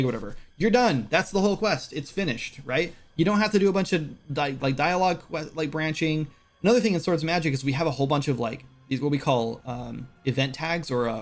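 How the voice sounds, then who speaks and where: A man hosting a casual game-development live stream, rambling with lots of "like" and "right?" fillers. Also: mid-range voice. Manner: quotes game characters in brief voices.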